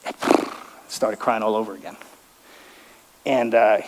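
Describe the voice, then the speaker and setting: A man's voice: lowish voice, steady tone, a little slow, a little mellow. Earnest man telling his testimony, hall echo. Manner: earnest storytelling, acting out quoted dialogue. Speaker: fitness coach sharing his testimony. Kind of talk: personal testimony told to a church audience. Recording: long hall reverb.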